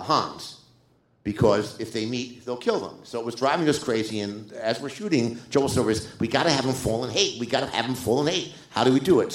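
Older male screenwriter, low voice, animated raconteur, live theater echo. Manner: animated storyteller, acts out quotes. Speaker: screenwriter guest. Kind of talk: live stage interview anecdote. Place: theater stage. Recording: roomy live theater sound.

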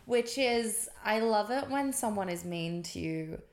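A woman's voice: mid-range voice, expressive, unhurried. Woman, podcast co-host, musing and chatty, echoey room. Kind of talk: casual chat. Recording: roomy echo.

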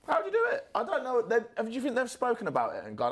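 A man in loose podcast banter, his pitch swinging widely as he gets worked up. He swears freely and keeps slipping into quick mock voices. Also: breathy edge. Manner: sweary, animated, jumps between impressions. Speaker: podcast co-host.

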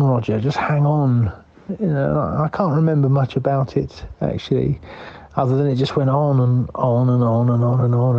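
A man leaving a rambling, hesitant comic voice message, whispering quietly as he talks. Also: medium pitch, gravelly, lo-fi sound. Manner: hesitant and rambling, with many restarts. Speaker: comedy podcast co-host. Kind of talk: improvised comic voice-message monologue.

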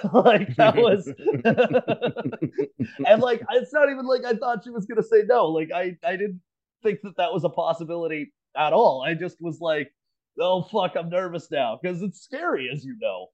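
A podcast co-host with a high, expressive, slightly mellow voice speaks at normal speed while calling in remotely from home. He shares a story in casual talk with plenty of swearing and laughing, over slightly dull lo-fi remote sound.

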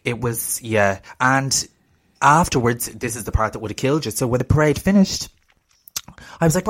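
A man with an Irish accent, co-hosting a casual chat and telling an animated story, swearing freely and laughing often. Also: mid-range voice, normal speed. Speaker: podcast co-host.

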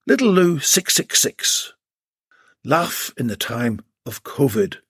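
A man's voice: medium pitch, breathy edge, dry recording. A man hosting a comic podcast, reading out listener posts and reviews with cheeky, mock-dramatic asides. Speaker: podcast host.

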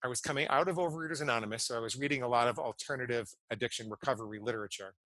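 A man in his fifties, a podcast guest, earnestly telling a personal story and explaining ideas, slowing down to stress key words. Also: medium pitch, a bit bright, dry recording, low-quality recording.

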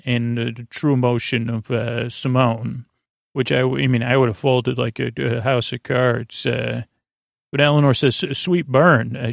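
A man hosting a sleep podcast, giving a meandering, low-key, halting recap of a TV episode. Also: gravelly, no echo, studio quality. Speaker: podcast host. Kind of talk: rambling bedtime episode recap.

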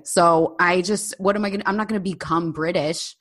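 A woman with a somewhat low voice co-hosts a relaxed conversation. She talks in a chatty, storytelling way, slipping into lively voices when she quotes people. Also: brisk, few pauses. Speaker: podcast co-host. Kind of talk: casual chat. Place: living abroad in Britain.

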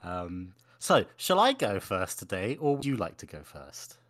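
A man's voice: deep voice, huge pitch swings, a little slow, fairly bright tone. A man co-hosting a podcast, chatting casually in an awkward, hesitant, stalling way from a room in a house. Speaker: podcast co-host. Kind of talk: casual chat.

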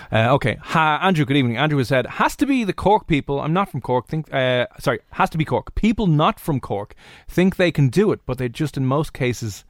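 A man's voice: medium pitch, no echo. A man with an Irish accent hosting a casual radio chat in a studio, joking and bantering. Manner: jokey, bantering, puts on accents. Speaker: radio host. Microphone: studio microphone.

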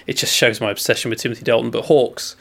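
A man's voice: mid-range voice, fairly even intonation, fast talker, creaky, a bit bright. A man from Britain, a sports journalist, telling a rambling, self-deprecating story in casual chat.

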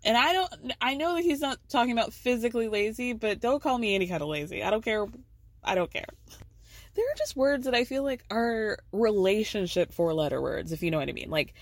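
A woman's voice: a little high, no echo. A woman hosting a podcast, recapping a TV show in casual chat, blunt, swearing freely and chuckling often. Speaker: podcast host.

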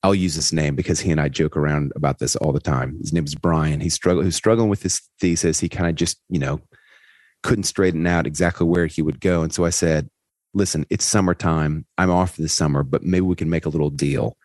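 A man hosting a podcast who tells stories in a lively conversational way, and his voice climbs high when he gets excited. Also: fairly quick, no echo. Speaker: podcast host. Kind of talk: conversational storytelling in an interview.

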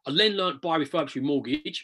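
A man talks quickly and in a rambling way, stumbling over and repeating his words. His voice is husky and sits a little high for a man. He sounds like a property investor chatting in an interview. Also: fairly bright tone. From southern England. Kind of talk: casual interview storytelling.

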